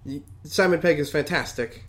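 A man's voice: fairly high pitch, moderate pace, fairly bright tone. A man co-hosting a casual chat, hesitant, with many fillers and restarts. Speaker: podcast co-host.

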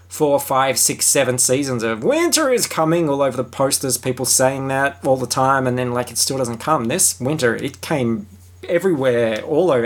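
A man giving a casual, sarcastic and jokey film review, animated and chatty. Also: medium pitch.

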